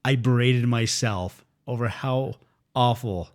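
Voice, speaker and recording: A man's voice: medium pitch, takes it slowly. A man in casual comedic chat, crude and wisecracking, laughing at his own jokes.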